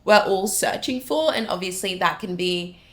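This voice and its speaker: A woman hosting a podcast conversation. She speaks reflectively, pausing and reaching for words. Her pitch sits mid-range for a woman. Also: lively intonation, fairly bright tone. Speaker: podcast host. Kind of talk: casual conversation.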